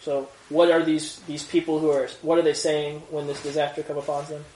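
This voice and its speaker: Male Bible teacher, lively, reads verses slowly; recorded from across an echoey classroom. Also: a little high. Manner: animated, reads scripture slowly and wails the word oi. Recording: roomy classroom from a distance, faint noise.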